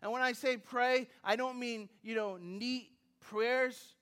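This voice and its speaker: A man's voice: extremely high pitch, steady tone, slow pace, fairly bright tone, smooth. A man preaching a sermon in a conversational way, with asides and self-deprecating humor, often repeating phrases and restarting as he builds his points. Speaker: pastor.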